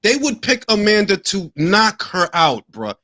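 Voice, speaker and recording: A man in his fifties with a high, bright voice, heated and profane as he rants in casual chat. His pitch swings widely and his tone has a sharp edge. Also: very animated, measured pace. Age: 50s. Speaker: podcast co-host.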